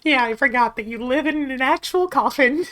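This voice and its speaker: A woman's voice: high voice, normal speed, sharp tone. A woman co-hosting a game stream, chatting in an enthusiastic, supportive, giggly way. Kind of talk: casual chat.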